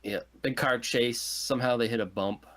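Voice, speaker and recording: A man's voice: mid-range voice, steady tone, normal speed, fairly bright tone. A man co-hosting a podcast, recapping a film's plot in casual, sardonic fragments. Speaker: podcast co-host. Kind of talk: casual movie review chat.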